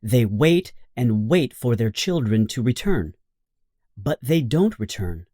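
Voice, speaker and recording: A man reading a children's storybook aloud in a slow, simple, expressive narration. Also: mid-range voice, no echo, clean studio sound. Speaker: audiobook narrator.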